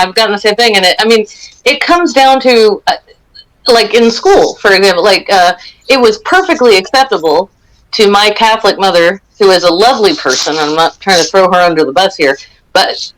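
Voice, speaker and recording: Animated former English teacher woman. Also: medium pitch, moderate pace, poor audio. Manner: animated storyteller, swears casually. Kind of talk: casual group discussion.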